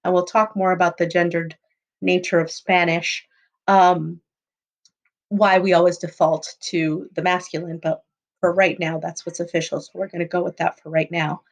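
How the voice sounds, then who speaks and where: Woman, teacher, patient explaining, mixes english and spanish, lowish voice. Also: level tone, normal speed, low-quality recording. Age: adult, not young. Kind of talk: recorded classroom lesson.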